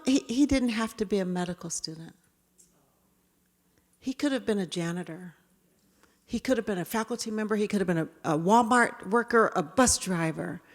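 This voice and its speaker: A woman speaker giving a talk, telling a personal story with animated voices for herself and others. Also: medium pitch. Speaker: keynote speaker. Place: large hall. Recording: reverberant hall.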